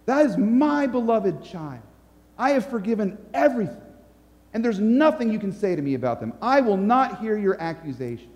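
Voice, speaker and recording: Brief: a reassuring, loving male savior, spoken by a preacher, steady and gentle, reverberant space. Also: high voice, moderate pace, pitched above the performer's own voice. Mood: firm. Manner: gentle, assured.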